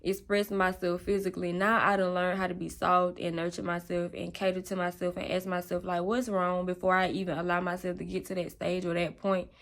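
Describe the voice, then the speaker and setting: A woman's voice: lowish voice, completely flat delivery, brisk, few pauses. Candid young woman telling her story. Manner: candid, raw and emotional. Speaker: vlogger. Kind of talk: personal testimony storytelling.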